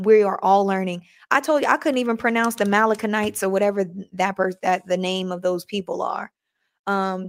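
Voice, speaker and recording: A woman hosting a casual faith podcast live stream, chatting with listeners and reading their comments aloud. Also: medium pitch.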